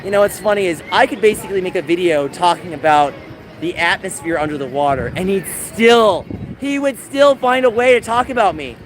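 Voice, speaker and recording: A man livestreaming from outdoors, talking to chat in an animated, mocking, sarcastic way. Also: sits high, fairly quick. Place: outdoors in a busy public area. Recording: outdoor street noise with passing vehicles.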